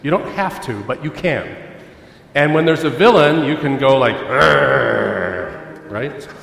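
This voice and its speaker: A man's voice: on the high side, expressive, normal speed. Man, pastor, lighthearted sermon, banters with the congregation, roomy hall reverb. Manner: jokey, chatty, talks with the audience. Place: church hall. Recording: echoey church hall with long reverb.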